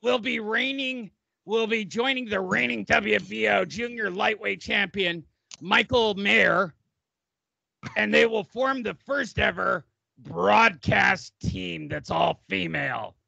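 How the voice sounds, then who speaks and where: A man doing a gravelly crude old promoter. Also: high-pitched, slow pace, sharp tone, no echo, highs cut off, exaggerated voice. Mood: mock-formal. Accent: New York. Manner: crude, rambling, self-mocking. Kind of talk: comic impression on a sports radio show.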